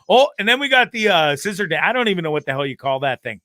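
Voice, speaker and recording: Profane ranting man, bright dry voice. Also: high-pitched, big pitch swings, a little fast, few pauses, dry recording. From Canada. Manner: profane, ranting and laughing often. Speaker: host of a live web show. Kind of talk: casual live-stream chat.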